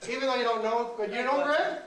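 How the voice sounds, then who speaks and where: A man doing live stand-up comedy, teasing audience members in loud banter. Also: very high-pitched, fairly even intonation, fast talker. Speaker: stand-up comedian hosting a crowd game. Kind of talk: live stand-up with crowd work. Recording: echoey room, far mic, crowd noise.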